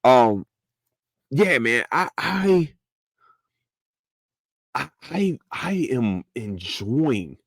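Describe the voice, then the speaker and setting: A man hosting a casual podcast, rambling excitedly about an anime he loves, swearing freely and tripping over repeated words. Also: mid-range voice, extremely slow, pauses often, no echo, clean studio sound. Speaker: podcast host. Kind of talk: casual solo anime review.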